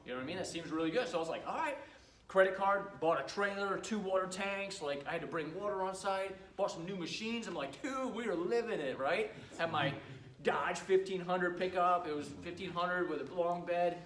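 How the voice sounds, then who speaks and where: A middle-aged man with a somewhat high voice talks shop to a live audience, chatty and anecdotal. He sounds set back from the mic in a reverberant room. A faint hum sits underneath. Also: brisk, fairly bright tone, far from the mic. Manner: chatty storyteller who acts out customers' lines. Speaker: cleaning business owner giving a talk. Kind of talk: casual training talk to a live audience.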